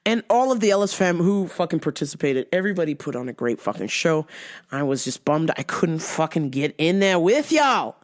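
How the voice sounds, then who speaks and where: Woman host, casual profane recap chat, very animated pitch. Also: brisk. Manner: animated, swears constantly, laughs often. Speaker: show host.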